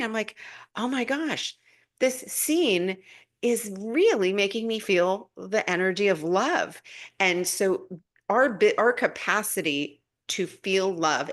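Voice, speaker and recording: A middle-aged woman chats casually through viewer comments on a live spiritual guidance stream. Her voice sits a little low for a woman, but she swoops up high when she gets excited and laughs easily. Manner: warm, animated, laughs often, swoops up in pitch when excited.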